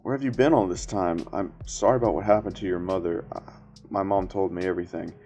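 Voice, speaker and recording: A man's voice: low-pitched, fast, warm tone, faint music behind. A man voicing a brash teenage boy who talks eagerly and directly.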